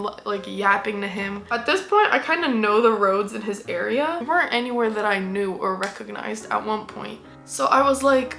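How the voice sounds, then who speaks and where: Brief: young woman vlogger, bright and fairly high voice, chatty storytime, light music under. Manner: chatty, says "like" a lot, quoting herself. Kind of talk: casual storytime.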